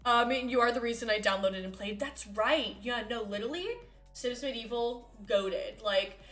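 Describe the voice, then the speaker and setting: A woman's voice: on the high side, normal speed, fairly bright tone. A woman streaming live, chatting casually in a bubbly, giggly, easily distracted way. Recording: roomy echo with faint music.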